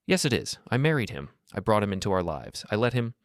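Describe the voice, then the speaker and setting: A man's voice: fairly low pitch, big pitch swings, quick pace, no room sound, studio quality. A man voicing a tired, guilt-ridden adult daughter in a storybook narration, in a pleading, weary manner. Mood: tearful.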